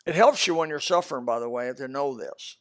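Older man preaching with loud bursts. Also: mid-range voice, fairly quick. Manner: storytelling with loud bursts and sudden soft asides. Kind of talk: sermon.

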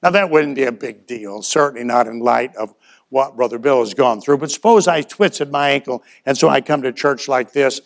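In church, a man with a medium-pitched, creaky voice preaches a folksy, story-driven sermon at normal speed. He acts out little dialogues and lets his voice rise and fall in loudness.

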